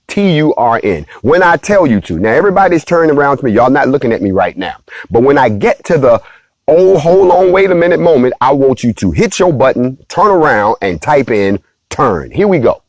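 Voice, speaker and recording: A man's voice: fairly low pitch, dry recording. Man chatting animatedly to his viewers, dry sound. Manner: animated, playful, addresses viewers as y'all. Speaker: host of a talk stream. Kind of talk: casual monologue to viewers.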